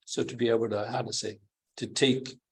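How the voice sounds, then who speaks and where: Male retreat teacher, dharma talk, chuckling, mid-pitched, keeps checking in with listeners. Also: fairly even intonation, fairly quick. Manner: chuckling, keeps asking the listeners "do you see?".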